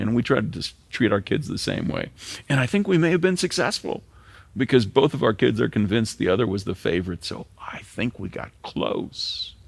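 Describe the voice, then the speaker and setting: An older pastor preaches a sermon earnestly and emotionally, dropping to a whisper at tender moments. His voice is fairly low and gravelly with a breathy edge, and there's no room sound.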